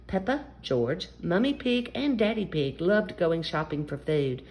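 A woman hosting a story-time channel, reading a children's picture book aloud in an animated, expressive way. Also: on the low side, unhurried. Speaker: storyteller host.

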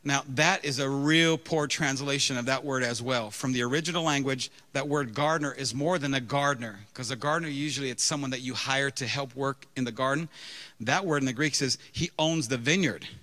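A pastor in his thirties telling a humorous, self-mocking story during a sermon, with lively, animated delivery. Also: mid-range voice, fairly quick.

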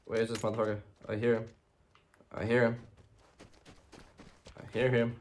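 A man's voice: medium pitch, little pitch movement, moderate pace. A young man hosting a gaming channel, chatting casually through his gameplay with lots of ums and frequent swearing.

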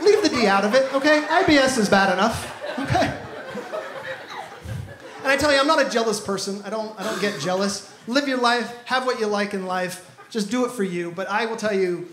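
A man doing a stand-up comedy set on stage, telling stories in an animated, exasperated way into a handheld mic. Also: high-pitched, noisy background. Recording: echoey venue with loud audience ambience. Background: audience laughter.

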